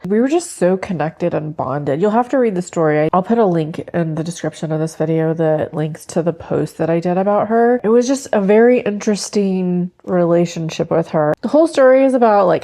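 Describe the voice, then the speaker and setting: A woman's voice: lowish voice, creaky, mellow. A woman in her fifties from the Pacific Northwest, chatting casually in her vlog about food, her dog and giving to animal rescue. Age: 50s. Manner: chatty, reflective, tearful at times, baby-talks to her dog. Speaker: lifestyle vlogger. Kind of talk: casual vlog talk to camera.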